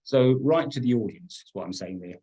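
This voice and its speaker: Husky voice, man, middle-aged, emphatic trainer, frequent restarts. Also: medium pitch, expressive, brisk, mellow, highs cut off. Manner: emphatic, repeats words and restarts often. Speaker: business trainer. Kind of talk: webinar teaching.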